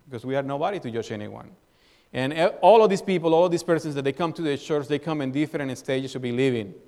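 A man's voice: mid-range voice, quick pace, a little mellow. Male pastor delivering a sermon in a church hall with long reverb, asking the congregation questions. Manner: asks the congregation questions and tags lines with "right?"; tells a personal story as an illustration.

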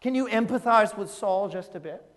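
A man preaching a sermon in a church, animated and conversational, often laughing and asking the audience questions. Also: high voice, moderate pace. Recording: echoey hall reverb.

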